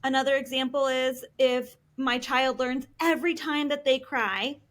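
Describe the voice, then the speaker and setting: A woman's voice: high voice, steady tone, moderate pace, fairly bright tone. A woman in her thirties, a counselor, explaining things earnestly as a podcast guest, with frequent ums. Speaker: licensed professional counselor.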